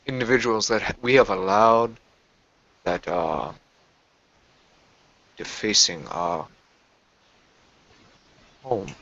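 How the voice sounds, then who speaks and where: A man's voice: on the low side, expressive, slow, pauses often, fairly bright tone, muffled recording, full character voice. A man voicing a formal, solemn long-armed creature who serves a master, in a tabletop role-play. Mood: troubled. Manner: formal, archaic speech to his master.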